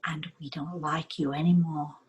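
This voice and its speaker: A woman's voice: sits low, flat delivery, slightly rough. A woman quoting a stern spirit boy. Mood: solemn. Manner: slow, repetitive, soft and hushed.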